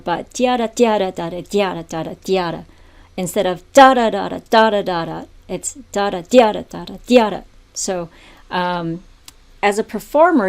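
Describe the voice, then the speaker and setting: Woman doing a music theory video lesson, calm and steady, explains it all step by step, middle pitch. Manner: calm, step-by-step explaining, sings rhythms aloud. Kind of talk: recorded video tutorial.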